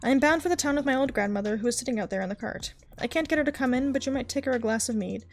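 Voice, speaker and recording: A woman's voice: sits high, racing, faint music behind. A woman voicing a sly, cheerful poor peasant man in a bedtime story reading, talking in a chatty way.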